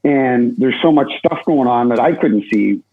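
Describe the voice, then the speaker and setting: A man's voice: medium pitch, normal speed, slightly rough. Man on a dull lo-fi remote line. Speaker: former referee, guest. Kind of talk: casual podcast chat.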